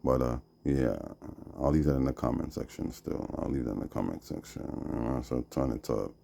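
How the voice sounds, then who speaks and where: A man with a Jamaican accent preaching slowly on a live stream, dropping "see?" and "yeah?" between his lines. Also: very deep voice, vocal fry, warm tone, slight background noise. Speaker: Rastafari livestreamer. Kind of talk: rambling livestream preaching.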